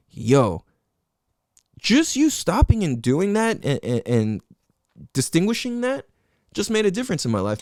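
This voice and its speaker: A man's voice: on the high side, no room sound, clean studio sound. A young man hosting his own podcast, talking casually in slangy, profane speech and acting out friends' lines. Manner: animated, profane, slangy, acts out quotes of friends. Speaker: podcast host. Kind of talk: casual solo podcast monologue.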